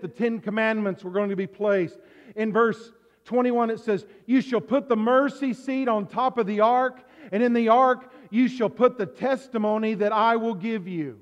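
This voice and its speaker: A man preaches to his church in a very high voice, dropping to near hushes and then building to shouts while he calls for amens. The sound carries a long echo in a big hall. The recording is dull and lo-fi. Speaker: pastor. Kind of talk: sermon.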